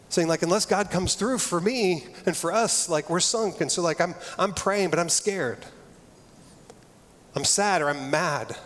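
A middle-aged man preaching a sermon, earnest and conversational, often restarting his phrases. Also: a little high. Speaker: pastor. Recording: long reverb of a large hall.

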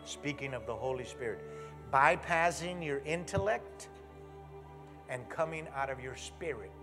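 A man preaching a sermon in a church, animated, moving from hushed talk to loud exhortation as he leads the congregation. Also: mid-range voice, unhurried, soft background music. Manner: leads the congregation in call-and-response.

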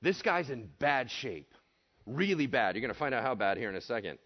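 A man preaching an animated, jokey sermon, acting out voices and swinging between loud and hushed delivery. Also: mid-range voice, fairly quick. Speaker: pastor. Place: church room with audience. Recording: dull lo-fi sermon recording.

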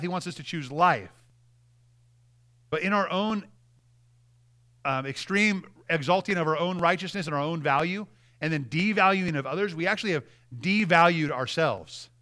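A man's voice: fairly high pitch, pushed and bright. A male pastor giving a conversational sermon and acting out quotes as he preaches.

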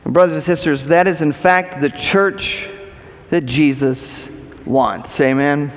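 A male preacher telling a story in a sermon with animated, dramatic delivery. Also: on the high side, slow pace, long reverb tail.

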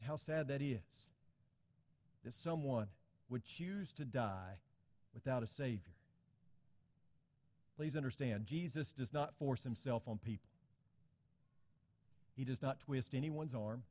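A man preaching a sermon in an earnest, pleading way, often dropping to a soft, quiet emphasis. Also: mid-range voice, takes it slowly, pauses often, big-room sound.

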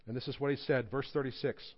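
A man's voice: medium pitch, steady tone, fast talker, lo-fi sound. A male pastor preaching a sermon in a church, reading scripture dramatically with humorous asides. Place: church sanctuary.

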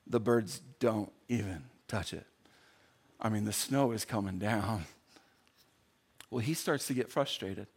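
A male pastor telling a story in a sermon, swinging between loud bursts and hushed, slowed-down passages. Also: on the low side, husky.

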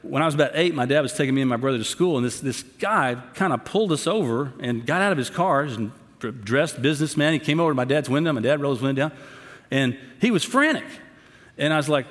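A man's voice: mid-range voice, fast talker. Impassioned male pastor in an echoing hall. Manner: impassioned, pleading, animated delivery. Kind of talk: sermon. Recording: long hall reverb.

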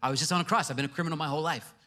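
A preacher voicing a baffled thief. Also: male voice, a little high, very fast, sharp tone, voice pushed up. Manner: baffled, matter-of-fact. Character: bewildered dying male thief, plain-spoken.

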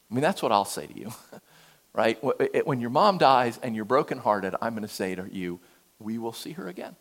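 A man preaching a sermon, conversational and animated, dropping to a hush for emphasis. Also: on the high side.

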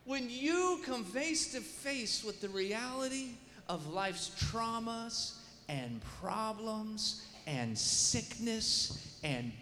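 High, bright-voiced preacher man in a reverberant hall. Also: slight background noise. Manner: animated storytelling, swings from quiet asides to loud shouted prayer. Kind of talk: sermon story. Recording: long hall reverb, faint ambience.

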